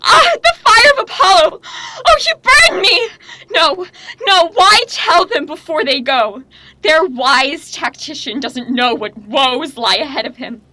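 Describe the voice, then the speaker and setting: A woman's voice: sits high, lively intonation, takes it slowly, bright, forceful tone, slight background noise, full character voice. A young woman, a student actor, playing a raving young prophetess princess in a stage tragedy, swinging between frenzied cries and grief. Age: young adult. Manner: frenzied outbursts and anguished cries.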